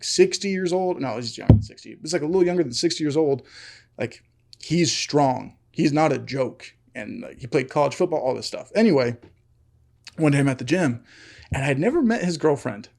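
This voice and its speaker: A man's voice: medium pitch, creaky, a little mellow. A man co-hosting a podcast, telling a story in casual chat, acting out quotes and laughing often. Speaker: podcast co-host.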